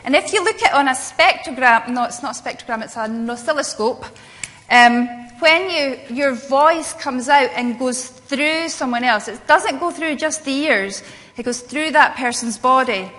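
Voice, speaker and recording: A woman's voice: high voice, a little slow, a bit bright, long reverb tail. A woman with a Scottish accent teaching a workshop on communication to a group, earnest and repeating her key points. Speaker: NLP trainer. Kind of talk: workshop lecture.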